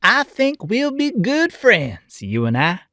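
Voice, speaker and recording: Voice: mid-range voice, wildly swooping pitch, takes it slowly, bright, forceful tone, no echo, clean studio sound, heavily acted. A performer voicing a small, curious young boy rabbit who chats playfully, says y'all and laughs often in a fan-made cartoon.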